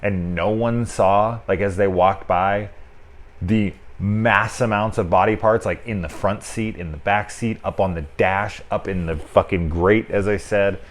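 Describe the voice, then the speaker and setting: A man with a notably low, deep voice talks through a film review in an offhand, unscripted way. He rambles, leans on filler words and swears freely, amused by what he describes. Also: fairly even intonation, a little slow. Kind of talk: casual spoken movie review.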